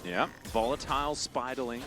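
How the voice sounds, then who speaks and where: A man giving playful, excitable play-by-play commentary on an esports match, with game music underneath. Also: mid-range voice, moderate pace. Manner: playful, hyped, jokey. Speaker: esports caster.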